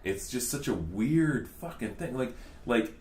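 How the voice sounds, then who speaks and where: A man's voice: medium pitch, animated, measured pace, darkish tone. A man in his forties co-hosting a podcast, chatting casually and rambling with lots of "like" and "you know". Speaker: podcast co-host. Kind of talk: casual chat. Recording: echoey room.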